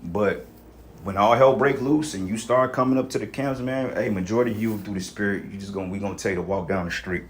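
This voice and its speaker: There's a little hiss or hum behind this religious vlogger as he quickly rants about religion and society in a lowish voice. He's blunt, profane, and rambling, heavy on street slang and repeated "you know what I'm saying."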